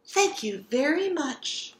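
A woman voicing a gentle, kind tooth fairy who speaks softly. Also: sits high, very animated, slow pace, pitched above the performer's own voice, full character voice. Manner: soft, hushed and kindly. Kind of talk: storybook read-aloud. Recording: roomy echo.

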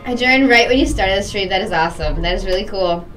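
A woman's voice: mid-range voice, fast, fairly bright tone, far from the mic, soft background music, rough recording. A young woman streaming a game, chatting casually and greeting her viewers by name with lots of giggles. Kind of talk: casual live-stream chat while gaming.

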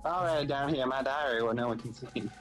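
A sweet, earnest little girl writes in her diary with a drawling Southern twang, as a man puts her on in a mid-pitched voice. Clear game music runs under the reading. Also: fast talker, fairly bright tone, natural voice. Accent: attempted Southern US.

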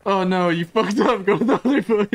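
A man streaming a shooter game live, swearing often and shouting at a teammate with frequent laughter. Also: normal speed, slight background noise. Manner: laughs often, voice jumps high when excited. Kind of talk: live gaming stream commentary.

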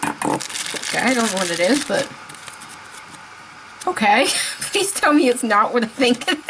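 A woman chatting casually as she unboxes toys, gushing and excitable, laughing often. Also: a little high, unhurried, a little hiss or hum, rough recording. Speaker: unboxing vlogger.

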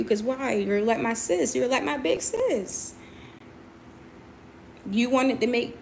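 A woman's voice: on the high side, a little hiss or hum. A young adult woman, a boxer, venting to camera in a confrontational, emphatic way, often repeating her points. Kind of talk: personal venting monologue.

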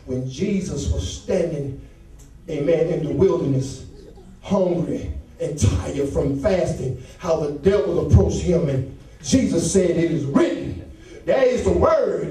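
High-voiced pastor preaching in an echoey church. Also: male voice, expressive, measured pace. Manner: fervent, rising to shouts, call-and-response. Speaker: associate pastor. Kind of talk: sermon. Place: church sanctuary. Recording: very echoey church hall, mic far off.

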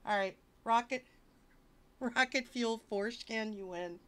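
A woman's voice: fairly high pitch, a little slow, fairly bright tone. Wisecracking woman streamer reading aloud. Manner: wisecracking, mock-exasperated asides. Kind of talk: casual joking livestream reading.

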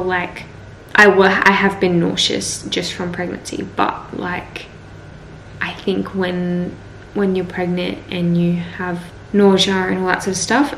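A woman's voice: fairly low pitch, slight background noise. A young woman vlogging casually, rambling with lots of "like". She sounds tired and weak from being sick. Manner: chatty, rambling, full of "like". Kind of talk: casual vlog diary. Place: bus, then a car.

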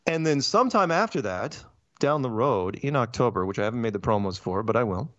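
Male host with a lively, ranting delivery, dry and slightly muffled stream audio. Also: medium pitch, no room sound. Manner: animated, ranting, quick asides and restarts. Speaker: podcast host. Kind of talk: casual chat.

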